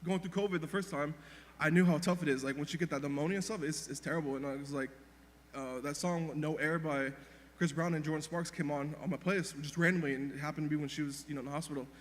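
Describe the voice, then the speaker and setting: Young man, grieving, rushed and halting eulogy, echoey hall. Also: on the high side, fairly even intonation. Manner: rambling, halting, with many restarts and fillers. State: emotional, grieving. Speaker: grandson giving a eulogy. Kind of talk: unscripted memorial speech. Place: church hall. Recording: reverberant hall, faint background hum.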